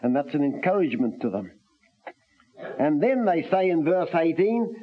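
A man's voice: sits high, lively intonation, husky. Earnest male preacher on old lo-fi radio. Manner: measured, earnest, reads scripture aloud in old-fashioned wording. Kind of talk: sermon. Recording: dull lo-fi radio recording.

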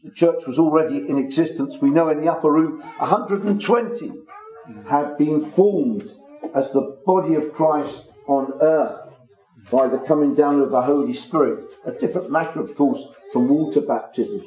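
A man teaching from the Bible to a small congregation in a measured, explanatory way, stressing key words. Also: on the high side, dull audio. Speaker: preacher. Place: room with a small gathering. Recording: echoey room.

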